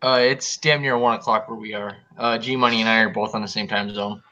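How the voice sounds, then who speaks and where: A man's voice: lowish voice, steady tone, fairly quick, sharp tone. A man from upstate New York bantering crudely and mockingly, joking brashly and laughing easily. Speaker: podcast co-host. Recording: lo-fi voice call with faint noise.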